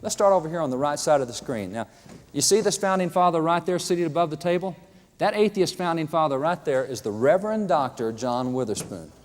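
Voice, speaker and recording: A man's voice: on the high side, lively intonation, fairly quick, a little hiss or hum. A man giving a lecture with slides, emphatic and wry, often reading quotations aloud. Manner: reads out quotations. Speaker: public speaker on history. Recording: long hall reverb.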